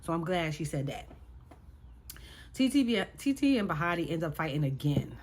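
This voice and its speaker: Sassy woman w/ aave doing a reality show recap, fed up, lowish voice. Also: very animated, moderate pace, darkish tone. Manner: sassy, exasperated, talks to viewers.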